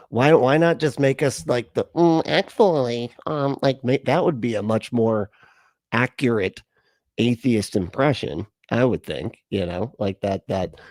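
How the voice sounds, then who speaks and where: A man's voice: fairly low pitch, a little mellow, no room sound, studio quality. A man casually hosting a livestream reaction, chatty and rambling, laughing often as he talks.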